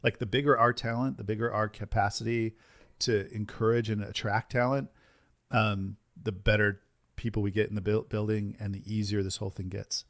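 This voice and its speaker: Low-voiced, emphatic male podcast host. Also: moderate pace, no echo, studio quality. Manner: energetic, emphatic, repeats "right?" and "like". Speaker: podcast host and business coach. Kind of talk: casual podcast conversation.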